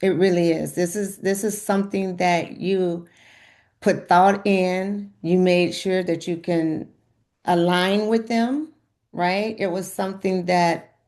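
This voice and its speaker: A woman leading a group health coaching session over a video call, repeating her praise and encouragement. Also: on the low side. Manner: warm, effusive, repeats praise.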